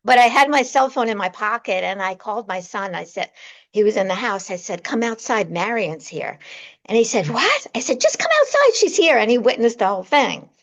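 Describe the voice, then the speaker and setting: A woman telling stories on a podcast as a guest medium, animated, her voice jumping high when she relives moments. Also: brisk. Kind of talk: storytelling in a podcast interview.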